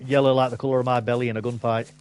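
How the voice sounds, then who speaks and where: A man's voice: mid-range voice, flat delivery, rapid-fire, a little mellow, soft background music. A man in casual voice chat while gaming, joking around and laughing often. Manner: jokey, laughs often, says mate a lot. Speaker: gamer in voice chat.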